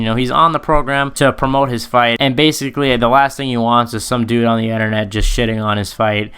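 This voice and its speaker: A man's voice: medium pitch, fairly bright tone, clean tone. A man giving casual, rambling opinion commentary as a video host, talking in a loose, conversational way. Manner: rambling, conversational, full of "you know" and "like".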